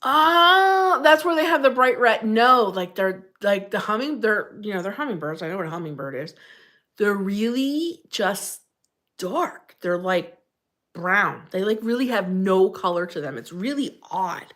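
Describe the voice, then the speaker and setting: A woman's voice: mid-range voice, lively intonation, moderate pace, fairly bright tone. Woman hosting a casual live chat; friendly and talkative, laughs a lot, reads out viewer names. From Pennsylvania. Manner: chatty, greets viewers by name, laughs often. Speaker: livestream host reading chat.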